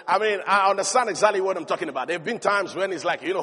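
A man preaching a sermon, telling the story with animated emphasis and rising to shouts of praise. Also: sits high, quick pace, few pauses, slightly rough. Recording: long reverb of a large hall.

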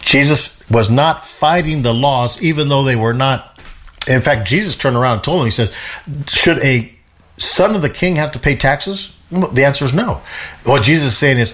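A man's voice: a little high, moderate pace, fairly bright tone. A man teaching a conversational Bible study, emphatic, often repeating words and acting out quotes as he retells stories.

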